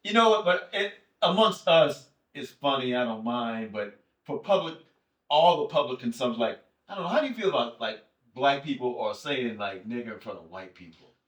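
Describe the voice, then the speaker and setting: Teasing male comedian host, lively high-ish voice, echoey room, off-mic. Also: moderate pace, far from the mic. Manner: teasing, joking interviewer. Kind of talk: casual chat.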